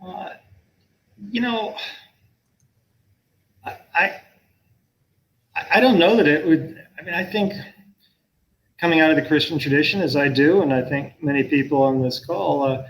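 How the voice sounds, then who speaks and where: A man's voice: on the high side, unhurried, pauses often, a little hiss or hum, poor audio. A middle-aged man, a professor, talking earnestly and thoughtfully on a call, often restarting his sentences. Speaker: professor and guest speaker. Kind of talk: conversational talk on a video call.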